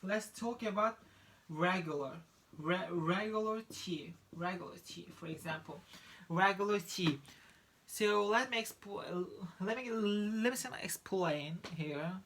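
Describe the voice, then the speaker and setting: A man from Turkey with a Turkish accent, a native Turkish speaker teaching English pronunciation in a halting way, with many restarts. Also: sits high, fairly bright tone. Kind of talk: online lesson.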